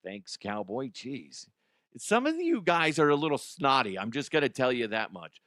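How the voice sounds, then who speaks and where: A man's voice: medium pitch, very animated, normal speed, a bit bright, no echo, studio quality. A man hosting a comedy podcast, rambling loosely and laughing between bits. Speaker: podcast host. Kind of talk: casual comedy monologue.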